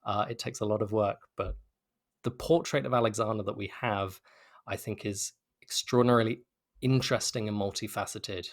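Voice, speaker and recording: A man's voice: on the low side, fairly even intonation, normal speed. A British man, a game developer, answering interview questions in an enthusiastic, articulate way with frequent restarts. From Britain.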